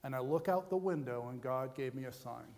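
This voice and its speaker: A man's voice: mid-range voice, brisk, darkish tone. Self-deprecating storyteller man in a chapel hall. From United States. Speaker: guest speaker. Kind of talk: personal testimony to students. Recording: long hall reverb.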